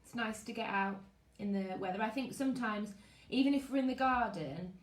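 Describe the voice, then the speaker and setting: A primary school teacher streams a lesson live from her living room, greeting pupils by name and chatting before she reads aloud. She sounds lively and brisk in a mid-range voice, reads out comments, and the room is echoey.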